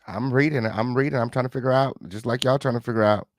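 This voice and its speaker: A man with a mid-range voice, fairly even intonation and a quick pace hosts a live reaction commentary on the news. He's sassy and chatty, speaks straight to his viewers, keeps repeating his catchphrases and drops mock-dramatic asides.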